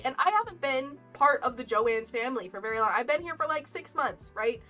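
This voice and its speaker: A woman's voice: high-pitched, expressive, fairly quick, few pauses, sharp tone, far from the mic. A young woman streamer telling a casual story, chatty and rambling with frequent laughs. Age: young adult. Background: lo-fi game music.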